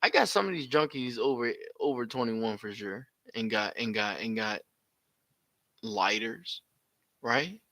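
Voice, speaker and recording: Man, reaction commentary, profane and blunt, bright tone, lively pitch. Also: measured pace, creaky, no room sound. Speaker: live reaction streamer.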